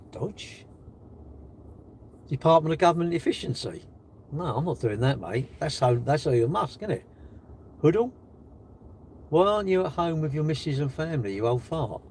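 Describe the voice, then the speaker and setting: The voice is a man's, fairly high and very animated, at a normal speed with a darkish tone and slight hiss or hum. Speaking in British English, he reads viewers' comments aloud on a live stream from his charging car and mocks them with sarcastic jabs.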